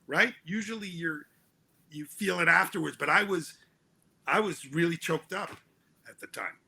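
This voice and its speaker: Gravelly high-voiced man telling stories. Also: moderate pace. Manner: animated, acts out his parents' voices. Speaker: author guest. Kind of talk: storytelling in an interview.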